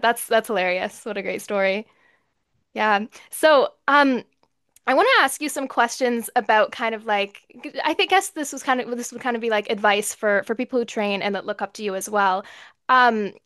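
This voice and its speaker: A woman hosting an interview, reacting warmly and asking questions with hesitant fillers. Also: on the high side, no room sound, studio quality. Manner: friendly and enthusiastic, with hesitant fillers. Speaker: interview host.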